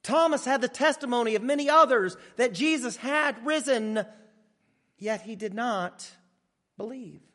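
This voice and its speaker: A man's voice: very high voice, a bit bright, in a large hall. A man preaching a sermon to a gathered congregation, dramatic and emphatic, drawing out key words. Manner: dramatic, emphatic preaching with slow drawn-out phrases. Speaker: pastor. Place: large room with an audience.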